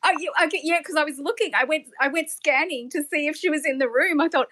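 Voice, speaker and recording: Chatty Australian woman, bright-ish voice. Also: sits high, quick pace. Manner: chatty, giggly, many restarts. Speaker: audience member asking questions. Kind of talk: casual live audio chat.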